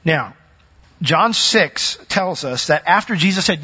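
A man preaching a sermon in a bright, husky voice that rises high when he acts out the people in his story. He preaches in an animated way. The recording sounds dull and lo-fi. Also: takes it slowly, in a large hall.

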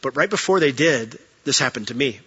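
A man's voice: mid-range voice, lively intonation, brisk, sharp tone, slightly rough, lo-fi sound. A man preaching from a church pulpit, telling personal stories earnestly with frequent restarts and closing in prayer.

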